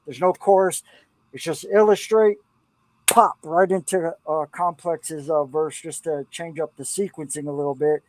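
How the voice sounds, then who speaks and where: A man's voice: fairly high pitch, fairly even intonation, normal speed, poor audio. A middle-aged man hosting a casual podcast about song lyrics, talking with rambling enthusiasm and slipping into preachy asides. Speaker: podcast host and producer.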